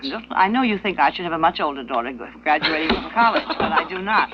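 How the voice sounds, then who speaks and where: Wry, poised woman with a lively voice. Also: deep voice, quick pace. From New England. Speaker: actress guest. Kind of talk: radio interview. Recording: lo-fi 1960s radio with clear hum.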